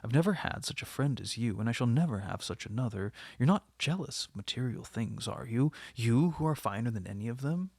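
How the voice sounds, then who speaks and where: A man reading the part of an earnest, devoted male painter who pleads with a friend, in a gravelly voice. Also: mid-range voice, expressive, fairly quick, hardly any pauses, a little mellow, dry recording, studio quality.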